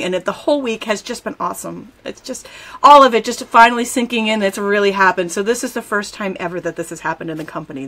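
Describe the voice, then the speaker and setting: A middle-aged woman hosting a live craft stream, chatting casually and gushing excitedly to her viewers. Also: mid-range voice. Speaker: stamping demonstrator hosting a live craft show.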